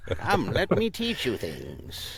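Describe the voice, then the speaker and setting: A man voicing a wise old male master teacher with a slow, solemn, mentor-like delivery. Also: a little high, huge pitch swings, creaky, breathy edge, pitched above the performer's own voice, full character voice.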